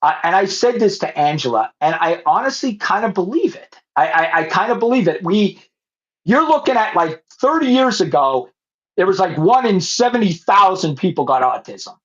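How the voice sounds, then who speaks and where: Animated middle-aged man on a muffled line. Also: high voice, moderate pace. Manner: animated, excitable, stumbles on repeated words. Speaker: podcast host. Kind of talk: casual chat. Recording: muffled lo-fi phone audio.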